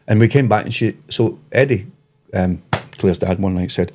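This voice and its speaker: A middle-aged Scottish man co-hosting a podcast in casual chat, spinning animated, rambling anecdotes. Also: sits low, moderate pace, a little hiss or hum. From Scotland. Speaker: podcast co-host.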